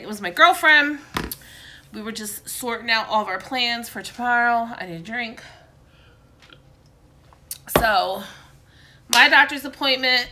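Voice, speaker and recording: A woman's voice: mid-range voice, bright, forceful tone, slight background noise. A woman in her thirties chatting casually and venting, recorded at home in a dim room. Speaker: vlogger. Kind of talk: casual chat.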